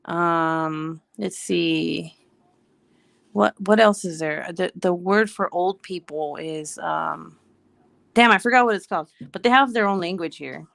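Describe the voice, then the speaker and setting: A woman's voice: on the low side, unhurried, creaky, fairly bright tone, no room sound. A woman in her thirties, a mom at home in Hawaii, chatting casually, laughing often and humming little tunes. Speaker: vlogger. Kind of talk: casual chat while working.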